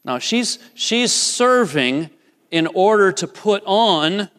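Man, preacher, earnest sermon, somewhat high voice, long church reverb. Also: big pitch swings, slow pace, a bit bright. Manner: earnest, asks the congregation repeated questions.

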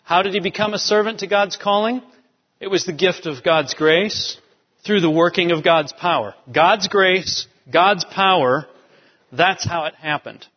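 A man preaching a sermon, emphatic, driving home key phrases by repeating them. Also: a little high. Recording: dull lo-fi sound with long hall reverb.

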